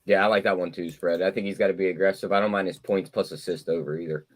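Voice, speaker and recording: A man's voice: sits low, fairly even intonation, quick pace. A man on a sports betting panel who acts out game moments as he predicts them. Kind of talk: casual sports betting chat.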